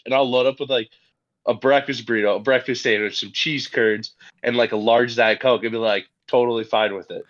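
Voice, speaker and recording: A man's voice: medium pitch, fairly even intonation, moderate pace. Laid-back podcast co-host man, muffled. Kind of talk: casual podcast chat. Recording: dull lo-fi sound.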